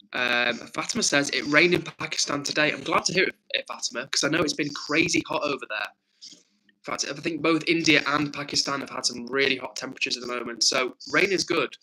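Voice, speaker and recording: A man's voice: mid-range voice, pushed and bright, a little hiss or hum, poor audio. A young man from England hosting a live stream, reading out chat messages and answering viewers in a friendly, chatty way, with a frog in his throat. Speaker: livestream host.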